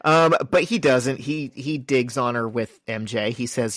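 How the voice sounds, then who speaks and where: A man's voice: medium pitch, unhurried, hardly any pauses, fairly bright tone, no room sound, studio quality. A man co-hosting a casual comic book podcast, joking as he recaps the plot and reads out dialogue. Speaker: podcast co-host.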